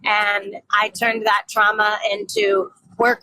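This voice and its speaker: Bright-voiced woman in her thirties, candid. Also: a little high, unhurried, few pauses, slight background noise, poor audio. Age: 30s. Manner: candid, rambling, self-deprecating, swears freely. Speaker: vlogger. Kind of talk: casual personal vlog.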